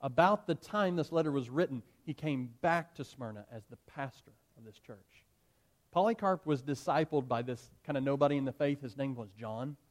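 A man's voice: medium pitch, moderate pace. A man preaching a sermon as pastor, speaking earnestly and addressing the congregation directly.

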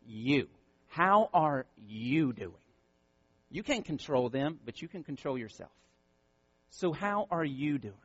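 Pastor, male, passionate sermon, bit high voice, dry muffled recording. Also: sing-song, slow, long pauses, husky, no echo. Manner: impassioned, repeats words, builds to loud peaks then drops soft.

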